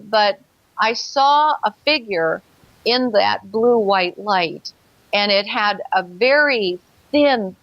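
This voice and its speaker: A woman with a mid-range voice recounts her own experience as an interview guest, and the recording has no room sound and its highs cut off. She speaks earnestly, acting out what she was thinking at the time.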